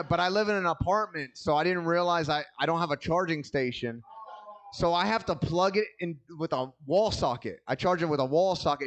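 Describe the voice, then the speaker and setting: A man's voice: a little high, a bit bright, dull audio. A man doing a stand-up comedy set on a club stage, telling loose, rambling stories full of crude jokes into a handheld mic.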